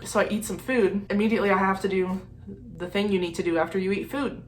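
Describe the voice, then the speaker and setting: A young woman telling a storytime vlog in an animated, exasperated way, laughing often between lines. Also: mid-range voice, fast talker. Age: young adult. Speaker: vlogger.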